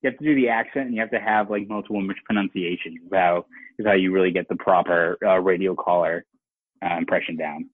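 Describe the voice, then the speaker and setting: A man's voice: sits low, steady tone, quick pace, no room sound. Boston man talking over a tinny phone line. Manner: rambling, many fillers like "you know". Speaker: guest, sports reporter. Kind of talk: casual podcast chat.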